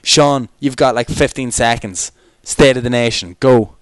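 A man's voice: medium pitch, measured pace, no echo, studio quality. A young man co-hosting a podcast in rambling, jokey, tired late-night chat. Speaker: podcast co-host. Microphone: external microphone.

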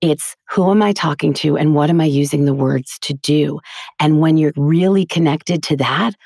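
A woman's voice: sits low, normal speed, gravelly, a little mellow, dry recording, studio quality. A middle-aged woman, a voiceover artist and teacher, speaking earnestly and emphatically as a guest in a casual podcast interview.

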